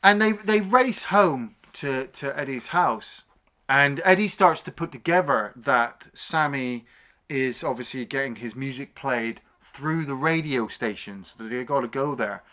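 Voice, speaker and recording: A man recaps a film on a review podcast in a bright, forward voice. His delivery is casual and animated, with free swearing, and he often jumps up in pitch to act out lines from the scenes. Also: unhurried. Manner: animated retelling, swears freely, acts out scenes in raised voices.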